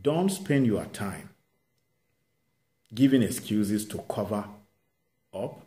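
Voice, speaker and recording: A man preaching a sermon, retelling a story with animated delivery and exhorting his listeners. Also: lowish voice, slow pace.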